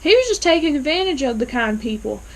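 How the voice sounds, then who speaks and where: A woman talks through a TV episode in a relaxed, chatty way, slipping into the characters' lines as she goes. Her voice sits a bit high. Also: fast, rough recording. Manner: animated, acts out characters' lines in quotes. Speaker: TV episode reviewer. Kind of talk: casual recap and reaction.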